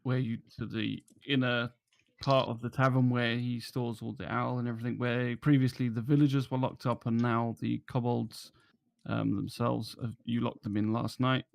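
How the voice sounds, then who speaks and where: A man's voice: medium pitch, level tone, moderate pace, vocal fry. A man narrating as dungeon master in a tabletop game, hesitant and full of ums and restarts.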